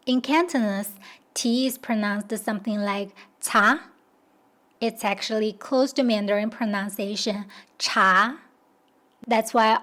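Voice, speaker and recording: Woman reading a documentary voice-over. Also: fairly high pitch. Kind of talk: scripted documentary narration.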